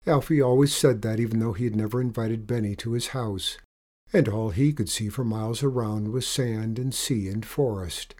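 A man narrating a children's adventure story aloud with expressive, animated delivery. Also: fairly low pitch, normal speed.

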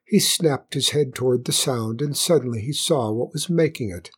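A woman narrating a children's story with gentle, wry asides. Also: extremely low pitch, normal speed, breathy edge.

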